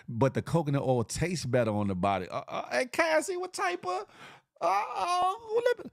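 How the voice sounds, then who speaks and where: A gravelly-voiced Southern US man, speaking at a measured pace, hosts a casual morning live stream and reads the chat aloud. He's animated, laughs a lot, and moves through big pitch swings. The recording is dry and of studio quality.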